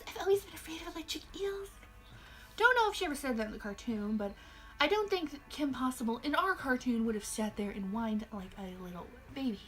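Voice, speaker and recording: A young woman vlogger delivering an exasperated, sarcastic movie review rant, sounding a little tired. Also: a little high. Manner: sarcastic, exasperated, animated ranting.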